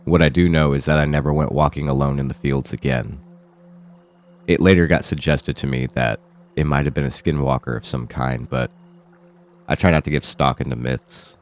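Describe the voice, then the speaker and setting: A man with an extremely deep voice, roughened by sickness, narrates a first-person horror story in a low, somber tone. Faint music plays quietly behind him. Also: steady tone, normal speed. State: sick, rough voice. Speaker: horror channel host.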